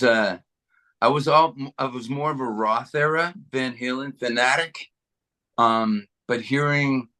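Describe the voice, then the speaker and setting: Middle-aged man telling easy stories. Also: on the low side. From Canada. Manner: relaxed storyteller, many restarts and laughs. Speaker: guitarist guest. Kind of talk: casual interview chat.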